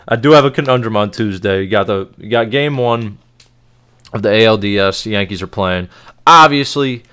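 A man's voice: on the low side, moderate pace, pauses often, bright, forceful tone, clean tone. A man hosting a casual sports talk show, chatty and blunt, laughing often as he gives his picks. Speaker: podcast host.

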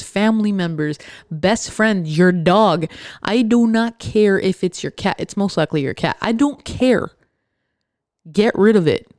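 Young woman host, sarcastic and blunt, dry close sound, mid-pitched voice. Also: a little mellow, no echo. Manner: sarcastic, mocks others in put-on voices; profane and emphatic. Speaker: podcast host. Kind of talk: blunt motivational rant.

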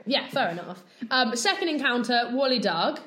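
A woman's voice: on the high side, very animated, moderate pace, fairly bright tone, reverberant, slight background noise. A young woman co-hosting a podcast, chatting casually, laughing and swearing freely. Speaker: podcast co-host. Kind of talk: casual chat.

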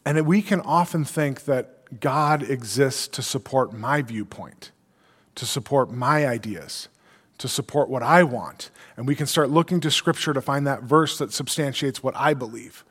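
A man's voice: mid-range voice, a little slow, a bit bright, breathy edge. Man preaching in an echoey hall. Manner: earnest preaching, quoting scripture, rhetorical questions. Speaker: pastor. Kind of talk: sermon.

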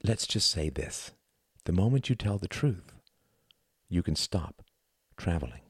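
A man voicing a shy, earnest young woman in an audiobook, speaking softly and hesitantly. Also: sits low, big pitch swings, measured pace, slightly rough, no echo, clean studio sound, exaggerated voice. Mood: soft, wistful. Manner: soft, hesitant delivery.

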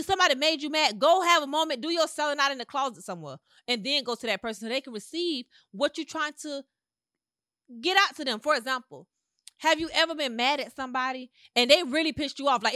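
A woman hosts a podcast, talking in a high, bright voice. She preaches emphatically in a loose, repetitive, conversational way. The sound is dry and close. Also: no room sound. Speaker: podcast host. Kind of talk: motivational monologue.

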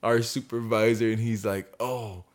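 Animated, swearing male podcast storyteller. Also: mid-range voice, brisk. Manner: animated, swears a lot, acts out quoted voices. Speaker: podcast co-host. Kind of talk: casual storytelling chat.

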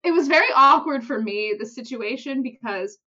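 Animated young woman, dull lo-fi sound. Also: high-pitched, normal speed. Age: young adult. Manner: animated storytelling, acts out characters' lines, laughs often. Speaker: podcast co-host. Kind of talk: casual chat.

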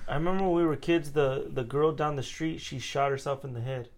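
A man's voice: on the high side, fairly quick. A man in his thirties hosting a podcast, chatting casually and swearing freely. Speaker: podcast host. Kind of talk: casual chat.

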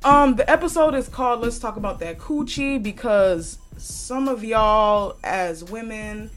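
A woman's voice: medium pitch, fairly bright tone. Young woman ranting on her podcast, cussing a lot, laughing, faint music under it. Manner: blunt and profane, laughs often. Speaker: podcast host. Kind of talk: casual solo podcast monologue.

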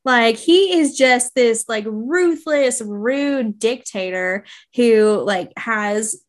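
A woman's voice: on the high side, drawn-out words. A woman co-hosting a podcast, giving a casual, frank book recap with lots of fillers and swearing. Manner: frank and profane, with many fillers. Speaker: podcast co-host.

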